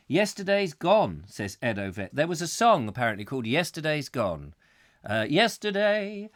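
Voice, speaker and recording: A jokey man hosting a live call-in chat show, his voice bouncing all over the place as he rambles through viewer comments. He sits a touch above the usual male pitch and keeps slipping into silly voices. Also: fairly bright tone. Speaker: host.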